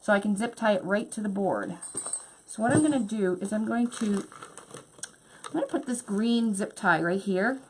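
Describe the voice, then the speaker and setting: A woman's voice: medium pitch, moderate pace. Bubbly lady walking thru a craft project, talks the whole time she works, bit of hiss behind. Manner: chatty, bubbly, talks while working. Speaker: craft tutorial host. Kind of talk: hands-on craft demonstration.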